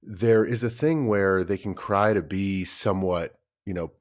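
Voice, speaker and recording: His voice is low and his pace slightly slow as he chats casually on the podcast he co-hosts. The man, in his thirties, tells animated stories and plays his children's voices.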